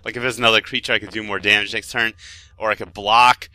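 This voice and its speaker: A young man, a gaming video host, casually telling a rambling, self-deprecating story over his gameplay commentary, getting animated when excited. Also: on the low side, quick pace, no echo. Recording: dry close mic with faint game music.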